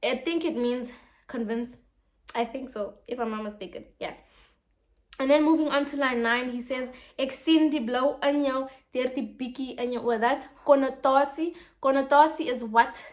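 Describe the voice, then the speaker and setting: A woman's voice: high voice, normal speed. A woman explaining a poem in a casual lesson, reading lines aloud and asking rhetorical questions.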